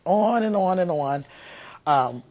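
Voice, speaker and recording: A woman's voice: on the low side, lively intonation, slow, a little mellow. A woman, a mother being interviewed, talking heartfelt and rambling with many fillers. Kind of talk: emotional interview recollection.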